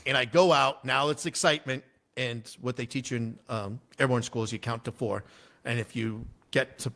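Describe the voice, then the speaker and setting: Man, former army officer, guest on a podcast; mid-range voice, animated storyteller with casual profanity. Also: medium pitch, moderate pace, gravelly.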